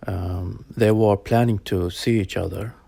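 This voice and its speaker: A man in his forties telling a personal story in a halting way, with plain phrasing and many pauses and fillers. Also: on the low side, fairly even intonation, creaky, warm tone, breathy edge, no room sound. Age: 40s. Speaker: storyteller sharing a personal experience. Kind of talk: personal spoken account.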